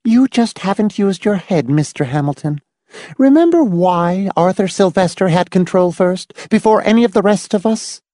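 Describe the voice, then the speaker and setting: A cool, controlling schoolteacher type, as a woman reads her, speaking with dry, dispassionate calm. The voice is mellow and dark, yet the pitch moves in lively curves. The recording is close and dry. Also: moderate pace, dry recording, natural voice. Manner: dry, dispassionate, calmly insistent. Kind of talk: audiobook dialogue reading.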